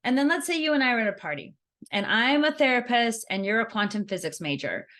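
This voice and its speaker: Lively, high-voiced woman training a group. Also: fast talker. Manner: animated and conversational, with playful acted-out examples; laughs easily while explaining. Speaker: networking skills trainer. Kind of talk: workshop presentation.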